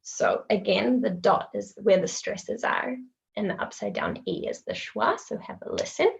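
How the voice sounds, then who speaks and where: A woman's voice: medium pitch, big pitch swings, moderate pace, vocal fry, muffled recording. A woman with a New Zealand accent teaching English pronunciation in an online webinar, patiently repeating words so learners can copy them.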